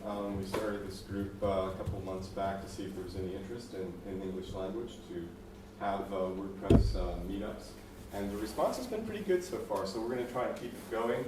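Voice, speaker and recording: A low-pitched man opens a meetup and introduces the speaker, pausing on many fillers. He sounds distant from the microphone. The room echoes, and clear background noise sits behind his voice. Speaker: meetup organizer and host.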